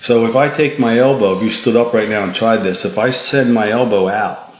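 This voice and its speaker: A tired, yawning golf instructor gives a voice-over swing analysis lesson, patiently and easygoingly guiding a student while often restarting his sentences. His voice is lowish and fairly quick, with a little hiss or hum on an echoey, dull lo-fi recording.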